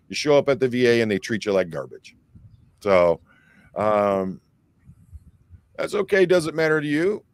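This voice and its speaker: Man, livestream host, from near Detroit, casual rambling chat, reads comments aloud, middling pitch. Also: lively intonation, moderate pace, clean tone, no echo. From Michigan, near Detroit.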